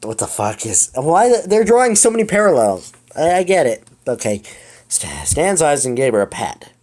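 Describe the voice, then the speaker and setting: A man's voice: on the high side, very animated, normal speed, a little mellow. A young man doing a comedic fanfic reading, exasperated, swearing and laughing at the text. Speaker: fanfic reader.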